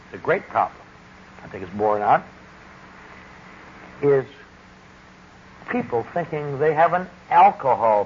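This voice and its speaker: Man giving a wry, deliberate recovery talk. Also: medium pitch. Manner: deliberate, wry, emphatic speaking. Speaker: speaker at a recovery gathering. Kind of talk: personal testimony talk. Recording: dull lo-fi recording with faint hiss.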